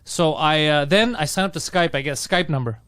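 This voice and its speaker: A man's voice: on the high side, clean tone, no echo, clean studio sound. A man telling a long frustrated story in casual chat, swearing a lot and acting out what other people said. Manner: fast animated storytelling, heavy swearing, acts out other people's lines. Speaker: podcast co-host.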